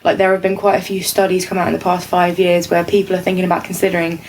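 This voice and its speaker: A young woman, co-hosting a podcast in rambling casual chat, full of "like" and quick laughs. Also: fairly low pitch, little pitch movement, a little mellow, a little hiss or hum, rough recording. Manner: rambling, lots of "like", laughs often. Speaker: podcast co-host.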